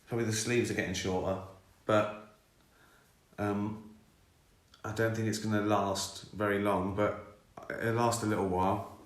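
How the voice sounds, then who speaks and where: A man in his sixties chats casually on a live stream, his lowish voice holding a level tone at a measured pace. He rambles, chuckles, and pokes fun at himself while answering viewer questions, and the recording has a roomy echo.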